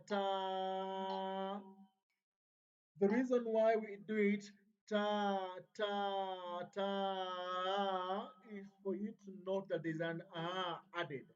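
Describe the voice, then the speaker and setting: Give me a woman counting beats in a music lesson, on muffled low-fi audio. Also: a little mellow. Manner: counts beats and chants rhythm syllables. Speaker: music teacher. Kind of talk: revision lesson.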